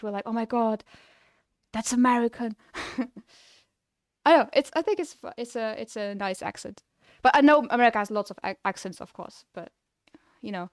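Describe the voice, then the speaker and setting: A young adult woman with a German-sounding non-native English accent chats casually with her stream viewers in a rambling, restart-filled way. Her voice is a little high and clean, captured as a dry, studio-quality recording.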